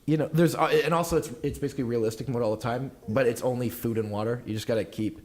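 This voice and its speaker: A man's voice: medium pitch, fairly even intonation, fast, a little mellow. A man hosting a casual gaming podcast, rambling loosely and swearing as he explains things. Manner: rambling, loose and profane, with frequent fillers.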